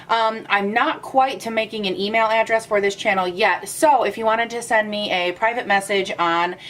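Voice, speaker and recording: A young woman chatting casually to her camera at home as a vlogger, animated and a bit out of breath, with playful rants. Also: medium pitch. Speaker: beauty vlogger.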